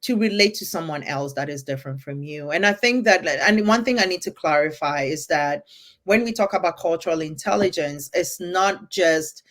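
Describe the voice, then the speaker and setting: A woman's voice: lowish voice, moderate pace, fairly bright tone. Emphatic woman co-hosting a podcast. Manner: emphatic, persuasive, often tags "right?". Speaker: podcast co-host. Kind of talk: earnest conversational podcast talk.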